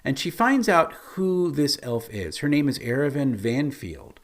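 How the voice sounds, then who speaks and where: Animated storytelling game master man. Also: medium pitch, unhurried. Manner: lively storytelling. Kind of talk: recounting a tabletop campaign.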